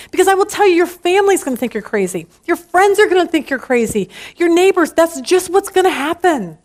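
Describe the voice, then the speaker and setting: High-voiced woman teaching Bible study. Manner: earnest, emphatic exhorting with frequent restarts.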